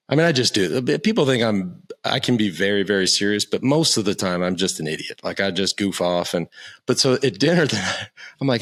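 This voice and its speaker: A man in his fifties, a podcast guest, telling animated stories, swearing freely and acting out what others said. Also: lowish voice, a little fast. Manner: animated storyteller, swears freely, acts out quotes. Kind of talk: casual interview chat.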